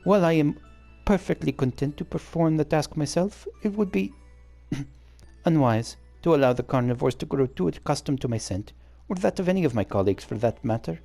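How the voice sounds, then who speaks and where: A man voicing a shrewd female wildlife overseer with a put-on accent, in a sly, theatrical, drawn-out manner, reading game dialogue during a playthrough. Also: a little high, expressive, creaky, warm tone, faint music behind, voice pushed up.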